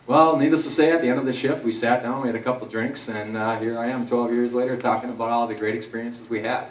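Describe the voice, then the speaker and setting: A man's voice: mid-range voice, fairly even intonation, fast talker. A man in his thirties with an Upper Midwest American accent, giving a eulogy full of funny stories about a close friend. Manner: storytelling, jokey, acts out quotes. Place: large hall at a memorial. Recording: echoey hall, mic from far off.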